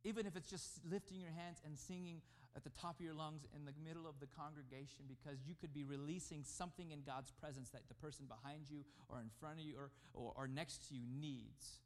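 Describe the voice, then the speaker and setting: Male preacher, light high voice, emphatic delivery that swells and drops. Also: steady tone, fairly quick, few pauses. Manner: emphatic preaching, rising and falling in loudness. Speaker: pastor. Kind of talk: sermon.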